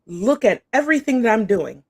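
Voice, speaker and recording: A woman's voice: a little high, expressive, fairly quick, breathy edge, no echo, clean studio sound. A middle-aged woman, a guest coach, chatting casually in a bubbly way and often saying "like" and "awesome.". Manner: bubbly, says "like" and "awesome" a lot. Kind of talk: casual interview chat.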